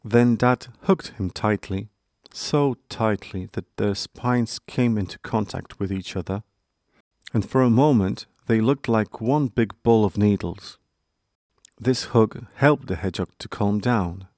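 A man narrating a children's bedtime story in a calm, measured way. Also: on the low side, no room sound, studio quality.

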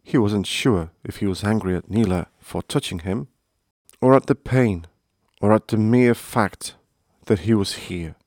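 A man narrating a storybook in a measured, earnest way. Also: lowish voice, darkish tone, dry recording, studio quality.

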